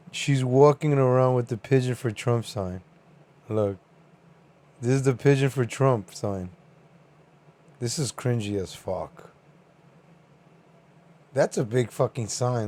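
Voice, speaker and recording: A man hosts a livestream and reacts to clips in a loose, casual way. He laughs often and swears without holding back. His voice sits at an ordinary middle pitch for a man. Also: takes it slowly, pauses often, darkish tone. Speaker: livestream host.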